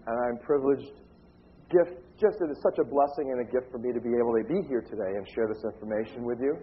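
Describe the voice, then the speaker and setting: A man telling a story in a talk, acting out the people in it with animated, shifting delivery. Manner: animated, acts out dialogue with shifting pitch. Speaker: speaker giving a talk. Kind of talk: storytelling lecture. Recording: dull lo-fi recording.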